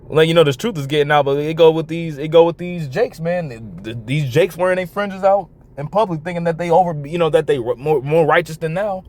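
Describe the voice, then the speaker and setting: A man with a somewhat high voice comments bluntly on a clip and swears freely. He reads scripture verses slowly and deliberately. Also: a little mellow. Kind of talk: reacting to a clip and quoting scripture.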